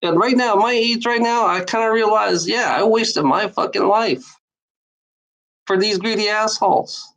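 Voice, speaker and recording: A woman's voice: medium pitch, measured pace, poor audio. A woman in her forties talking in a casual monologue, rambling and repeating herself, swearing a lot, sounding bitter and worn out. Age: 40s. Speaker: vlogger giving life advice.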